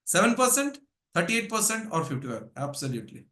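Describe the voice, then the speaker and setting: High, bright-voiced coach. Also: male voice, fairly quick. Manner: energetic, drills points with rhetorical questions and lists. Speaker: English speaking coach. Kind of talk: live workshop teaching.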